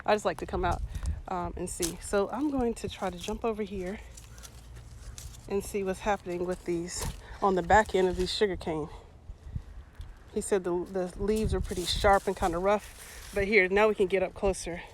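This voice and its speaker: A woman's voice: medium pitch, steady tone, normal speed, long pauses, slight background noise. A woman giving a casual livestream tour of a community garden, chatting and laughing with viewers in the comments, recorded outdoors on a hand-held phone. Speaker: vlogger. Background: water hose spraying.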